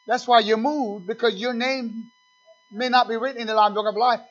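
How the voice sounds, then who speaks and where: A man's voice: very high voice, steady tone, normal speed, fairly bright tone, highs cut off. A man preaching a sermon in call-and-response style, acting out little dialogues with the congregation.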